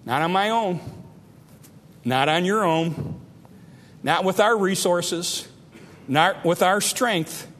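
A man preaching a sermon, emphatic, often repeating and restarting words, rising to loud peaks and dropping low. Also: big-room sound.

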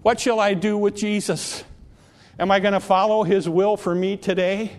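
A man's voice: sits high, level tone, moderate pace. A man preaching a sermon in a church, earnestly repeating questions to the congregation before leading a prayer. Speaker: pastor. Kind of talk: sermon with altar call and prayer. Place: church sanctuary.

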